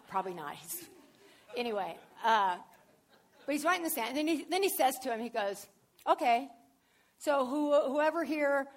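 Husky woman preaching with big swings. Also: fairly low pitch. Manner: animated storytelling, swings from hushed to loud. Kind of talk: sermon.

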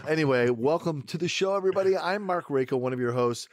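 A man's voice: on the high side, fast talker, dry recording, studio quality. A man hosting a comedy podcast, chatting playfully and joking around, sometimes stumbling over his words. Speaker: podcast host. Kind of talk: casual comedy chat.

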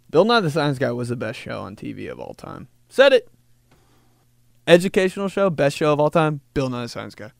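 A man hosting a podcast, joking through a rambling casual monologue and slipping into quick voices for people. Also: on the high side, creaky, no room sound, clean studio sound. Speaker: podcast host.

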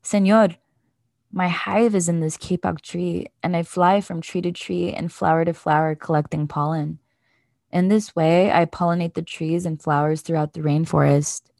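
A woman's voice: on the low side, steady tone, normal speed, gravelly, a little mellow, no echo, clean studio sound. A woman voicing a busy bee in a children's storybook, raising her voice and explaining patiently. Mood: earnest. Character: busy buzzing bee, helpful.

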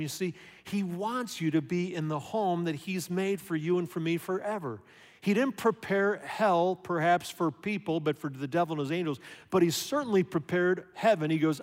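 Male pastor, sermon, chatty and questioning, higher-pitched voice, long church reverb. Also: moderate pace. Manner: conversational, animated, rhetorical questions.

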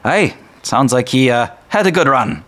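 A man's voice: mid-range voice, lively intonation, moderate pace, a bit bright, pitched above the performer's own voice, natural voice. A man voicing a jovial old male dwarf king in a tabletop game, hearty and fond of saying aye. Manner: hearty, says "aye" often.

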